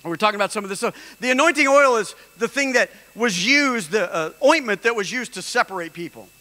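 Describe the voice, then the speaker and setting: High, bright-voiced preaching pastor. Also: male voice, expressive, brisk. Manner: emphatic preaching, with lines building to shouts. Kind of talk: sermon. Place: church hall. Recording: long reverb of a large hall.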